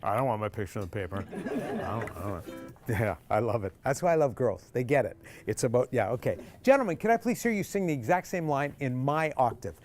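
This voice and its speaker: A man's voice: mid-range voice, big pitch swings, brisk, a little mellow, soft background music. A man teaching a group singing workshop, joking and singing lines to demonstrate. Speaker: singing instructor.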